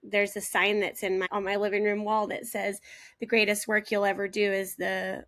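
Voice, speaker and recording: A woman's voice: medium pitch, little pitch movement, normal speed, fairly bright tone, dry recording, studio quality. A middle-aged woman talking earnestly and reflectively about raising three sons on a podcast. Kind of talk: emotional podcast conversation.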